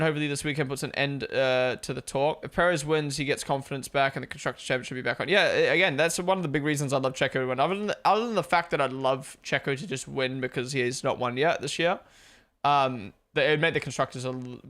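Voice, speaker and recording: Chatty streamer with an Aussie-Kiwi accent. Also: male voice, on the high side, fast talker, fairly bright tone. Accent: Australian-New Zealand blend. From born in Australia, raised in New Zealand. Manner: chatty, swears casually, reacts to chat. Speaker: streamer hosting a race watch-along. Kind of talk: casual live-stream chat.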